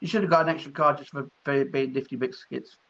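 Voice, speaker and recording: A man's voice: mid-range voice, fairly even intonation, quick pace, fairly bright tone. A man giving live psychic readings in a chatty way, laughing between messages. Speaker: psychic reader. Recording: dull lo-fi stream audio.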